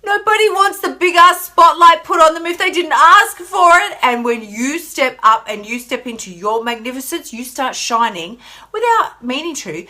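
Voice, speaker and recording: An Australian woman coaching her viewers on a live stream, sassy and emphatic. Her voice is bright and forceful and sits a little high for a woman. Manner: sassy, emphatic, reads viewer comments aloud. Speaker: life coach host. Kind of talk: motivational live stream chat.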